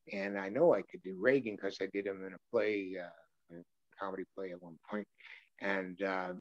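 A man from Brooklyn, New York, talks as a guest voice actor, rambling and chuckling through stories with plenty of "uh"s. His voice sits low. The audio is dull and lo-fi, with a dry sound. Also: no echo. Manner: rambling, chuckling storyteller with many fillers. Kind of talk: casual interview chat.

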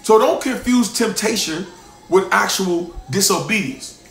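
A man preaching as a pastor, emphatic, repeating lines for stress and swinging between loud bursts and hushed asides. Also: high-pitched, normal speed, roomy sound, faint music behind. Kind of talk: sermon.

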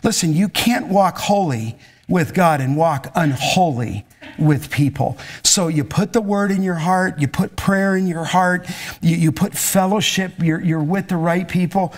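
A man's voice: sits high, measured pace. Intense, emphatic middle-aged male pastor. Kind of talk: sermon with questions from students.

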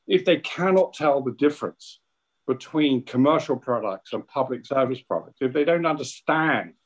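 Opinionated British man with many fillers. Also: mid-range voice. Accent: British English. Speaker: essay contributor at book launch. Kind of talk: online panel discussion.

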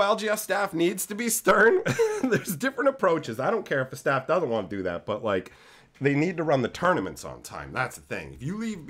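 A man with a bright, forceful voice that swings widely in pitch, sitting a bit high for a man. He rants bluntly and profanely to his live stream, reading chat comments between heated tirades. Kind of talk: casual livestream rant, reading chat.

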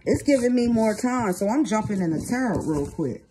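A woman doing a tarot reading with blunt, streetwise talk and frequent swearing, her pace uneven between slow phrases and quick bursts. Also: medium pitch, lively intonation, mellow, slight background noise. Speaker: tarot reader. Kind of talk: tarot reading and card commentary.

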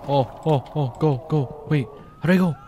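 A man's voice: fairly high pitch, normal speed, dark tone, slight background noise. A young man giving casual let's-play commentary, jumpy and profane, rambling through his reactions. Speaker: gamer.

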